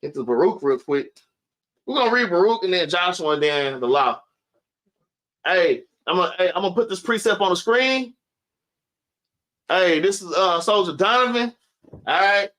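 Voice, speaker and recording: Guy preaching to a class, high bright voice, keeps saying "man", kinda out of breath. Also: lively intonation, normal speed, long pauses. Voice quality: casual preaching, repeats "man" at line ends. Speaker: teacher. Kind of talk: sermon.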